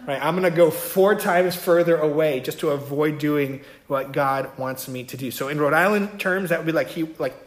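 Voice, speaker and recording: A man's voice: on the high side, moderate pace, hardly any pauses. Man teaching scripture in an echoey room. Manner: conversational, many fillers and "right?" checks. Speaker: Bible teacher. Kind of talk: casual Bible teaching.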